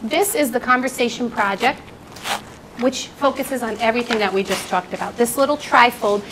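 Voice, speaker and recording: A woman nurse presenting on palliative care to healthcare staff, telling stories with lively, animated shifts in voice. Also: moderate pace, background noise. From United States. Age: adult. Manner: animated storytelling with lively jumps in pitch.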